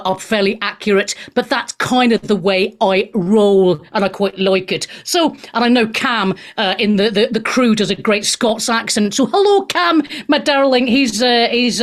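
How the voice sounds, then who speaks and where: A woman hosting a live talk radio show, chatting cheekily and laughing often. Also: on the high side. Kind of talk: casual live radio chat.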